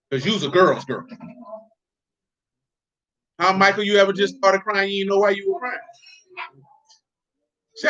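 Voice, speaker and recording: A man's voice: high voice, bright, forceful tone, lo-fi sound. A man preaching in a loose, conversational way, joking and talking straight to his congregation. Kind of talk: conversational sermon.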